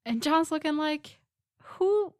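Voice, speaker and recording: A woman's voice: mid-range voice, no echo, clean studio sound. A woman co-hosting a podcast, casually recapping a book chapter and acting out bits of dialogue with little laughs. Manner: chatty recap with quick acted-out quotes and laughs. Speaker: podcast co-host.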